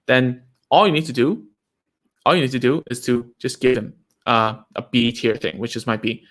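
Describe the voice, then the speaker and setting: A speech therapist hosts a live session, answering viewer questions with casual advice. His voice is mid-range for a man and a bit bright, and he's chatty, leaning on fillers like "like" and tag questions like "right?"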